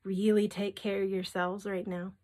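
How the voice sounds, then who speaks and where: A woman giving a spiritual tarot reading in a medium-pitched voice. She is reassuring and keeps checking in with her listener. Her affirmations come with emphasis and now and then sink to a soft whisper. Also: little pitch movement, moderate pace. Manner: reassuring, often checks in with "okay?". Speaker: tarot reader.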